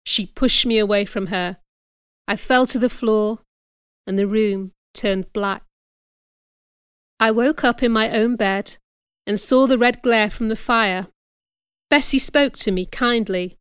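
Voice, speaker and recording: A woman reading a storybook aloud as narrator, in a careful, steady storytelling manner. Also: on the high side, measured pace, clear, resonant tone, no echo, studio quality. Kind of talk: scripted audiobook narration.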